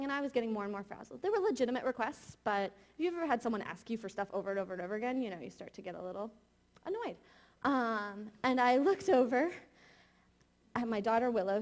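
A woman in her thirties preaching a sermon, telling a candid, confessional personal story. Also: fairly high pitch.

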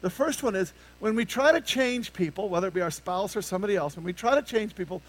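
A man's voice: high voice, expressive, fast, poor audio. A male pastor preaching a conversational sermon to his congregation, often stopping to ask them rhetorical questions. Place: church sanctuary with a congregation.

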